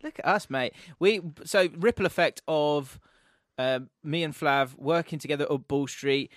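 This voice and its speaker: A man's voice: on the high side, normal speed, no room sound. A man hosting a podcast in a studio, bantering and laughing in casual chat. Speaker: podcast host.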